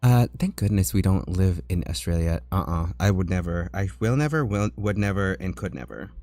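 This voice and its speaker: A man's voice: lively intonation, moderate pace, warm tone, no echo, faint music behind. Chatty man streaming while he draws. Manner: chatty, narrates own work, breaks into high squeals of disgust and laughter. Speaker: streamer and artist. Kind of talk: casual live-stream chat while drawing.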